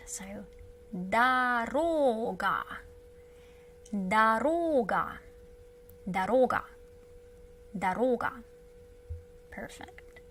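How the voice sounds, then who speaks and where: A woman with a Russian accent, teaching Russian to beginners, who patiently repeats each word slowly several times. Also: fairly high pitch, a little hiss or hum. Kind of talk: slow beginner language lesson.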